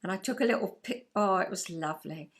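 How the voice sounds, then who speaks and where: A woman's voice: fairly low pitch, fast talker, slightly rough. An older woman from England chatting to camera in a rambling, enthusiastic way, laughing now and then. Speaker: vlogger. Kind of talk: casual chat to camera.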